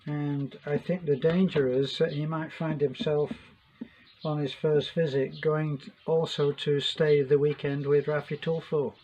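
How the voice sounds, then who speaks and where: A man's voice: on the high side, little pitch movement, measured pace, warm tone. A man co-hosting a casual video chat, teasing with dry humor. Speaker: co-host. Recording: dull recording with faint noise.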